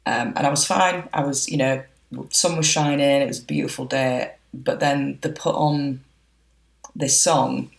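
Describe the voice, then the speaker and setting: A woman's voice: extremely low pitch, fairly even intonation, unhurried, vocal fry, rough recording. A woman, a wedding photographer being interviewed, talking in a chatty, reflective way with frequent fillers. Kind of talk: casual interview chat.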